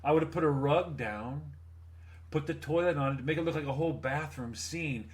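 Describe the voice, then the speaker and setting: A man's voice: on the high side, fairly quick. A middle-aged man casually telling a workplace story, acting out the voices of the people in it. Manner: animated, acts out voices in his story. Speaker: guest storyteller.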